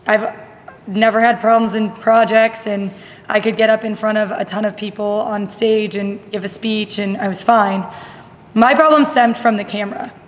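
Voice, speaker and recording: A woman who coaches fitness, chatting on a podcast in a lively, self-deprecating way and laughing often. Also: mid-range voice, moderate pace. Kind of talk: casual podcast chat. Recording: long reverb in a hard room.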